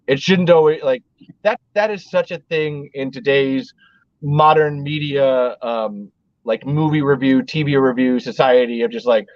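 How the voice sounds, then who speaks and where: A man's voice: a little high, unhurried, a little mellow, no echo, muffled recording. A man hosting a casual podcast chat, rambling with lots of "like" and frequent swearing. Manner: rambling, swears a lot, heavy use of "like". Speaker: podcast host.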